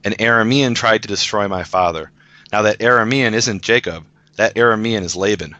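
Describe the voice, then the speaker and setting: A lower-pitched man with a bright, forceful tone, patiently walking listeners through a passage in a casual discussion. He restarts sentences often as he explains, and the sound is dry and close. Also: normal speed, no echo, dull audio. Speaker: guest teacher of Hebrew scripture.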